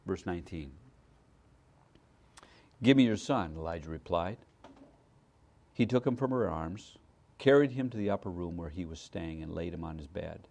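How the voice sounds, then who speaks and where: A male pastor giving a sermon, talking conversationally and checking in with his listeners, swinging between loud emphasis and hushed asides and often repeating words as he goes. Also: deep voice, moderate pace, creaky.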